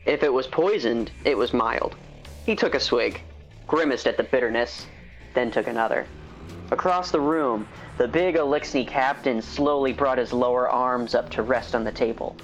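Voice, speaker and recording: A man's voice: medium pitch, dull audio. Man steadily narrating a story. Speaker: podcast co-host. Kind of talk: reading fan fiction aloud.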